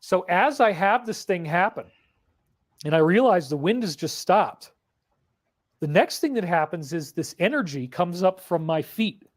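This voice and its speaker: Guy with a pretty high voice, earnest and dramatic, telling a personal spiritual story. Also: animated, measured pace. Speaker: spiritual speaker.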